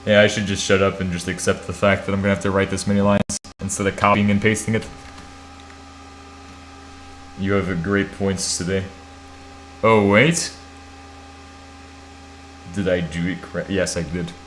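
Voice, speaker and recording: Streamer, American man, very low voice, drowsy and muttering, self-mocking, faint hum in the room. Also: flat delivery, moderate pace, long pauses, a bit bright. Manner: thinks aloud while typing, swears, self-mocking. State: half asleep. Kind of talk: casual live-stream chat.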